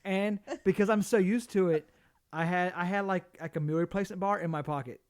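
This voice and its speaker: Male podcast co-host, slightly high pitch; loose, rambling storyteller who acts out dialogue. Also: a little fast. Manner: rambling storyteller, acts out quoted people, lots of fillers and restarts. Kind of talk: casual chat.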